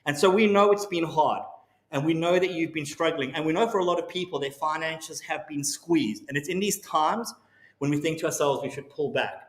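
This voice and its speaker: A man's voice: a little high, fairly quick, roomy sound. Upbeat man hosting a quiz. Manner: upbeat, encouraging, preacherly. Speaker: church quiz host. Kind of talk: live-streamed quiz and appeal.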